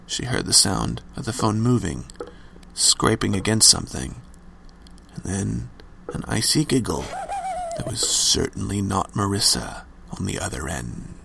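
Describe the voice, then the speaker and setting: Gravelly male horror storyteller. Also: lowish voice, sing-song, unhurried, sharp tone, slight background noise. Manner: dramatic storytelling, varied emphasis. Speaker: narrator. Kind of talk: scripted horror story narration.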